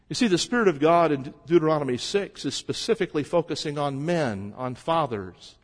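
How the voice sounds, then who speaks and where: A man preaching a sermon as a pastor, shifting between quiet stretches and loud emphasis. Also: on the high side, expressive, a little fast, hardly any pauses, in a large hall.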